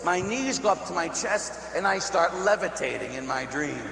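Middle-aged priest from Pittsburgh, lively storytelling sermon, bright tense voice, long hall reverb. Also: male voice, sits high, moderate pace, gravelly, few pauses. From Pittsburgh, USA. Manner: animated, laughs at his own stories, acts out voices. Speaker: Catholic priest. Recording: echoey hall with faint hum.

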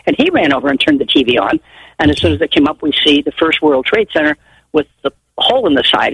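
A woman's voice: low voice, fast talker, slightly rough, no echo, rough recording. An older woman phoning in to a radio show, telling a long rambling story in a chatty way. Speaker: caller. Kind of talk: call-in radio chat.

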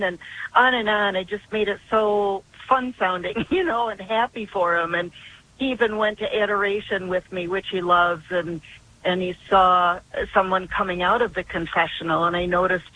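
An older woman calls in by phone and talks through her story in a chatty, earnest way. Her voice is bright and clear, with some stops and restarts. A faint hiss sits under the line. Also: mid-range voice, fairly even intonation, normal speed, poor audio. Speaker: caller. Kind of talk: call-in radio chat.

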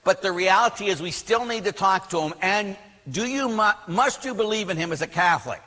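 A man, a Catholic priest, teaching a class with animated storytelling and emphatic outbursts. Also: high-pitched, a little fast. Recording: long reverb of a large hall.

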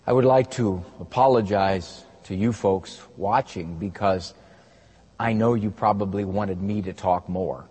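A man's voice: lowish voice, unhurried, mellow, slightly rough. A man co-hosting a talk show, asking earnest, reflective questions in casual conversation. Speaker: co-host. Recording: long hall reverb.

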